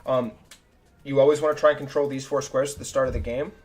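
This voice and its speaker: A man's voice: mid-range voice, steady tone, quick pace, darkish tone, soft background music. A young man streaming live, walking through his chess games move by move in casual, slangy talk and thinking aloud. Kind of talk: live game review commentary.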